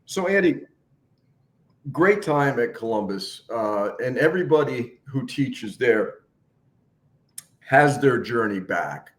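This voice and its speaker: An older man hosting a relaxed interview, affirming the guest's points in an easygoing way. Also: mid-range voice, takes it slowly, long pauses, roomy sound. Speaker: host, former teacher. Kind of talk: conversational interview.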